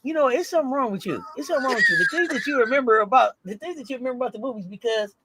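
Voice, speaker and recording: Teasing, animated high-pitched man. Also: rapid-fire, very noisy. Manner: teasing, animated, repeats phrases. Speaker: co-host. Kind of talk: casual sports podcast chat.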